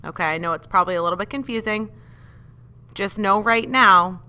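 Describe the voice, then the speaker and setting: A woman's voice: fairly low pitch, lively intonation, brisk, bright, forceful tone. A woman teaching a grammar lesson, patiently explaining step by step and asking the class questions. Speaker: English teacher.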